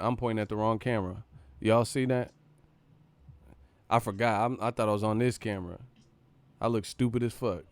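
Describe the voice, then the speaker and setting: Smooth-voiced, profane live-stream host. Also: male voice, medium pitch, no echo. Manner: loose, profane and joking, laughs often. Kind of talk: casual live-stream chat. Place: streaming setup with several cameras.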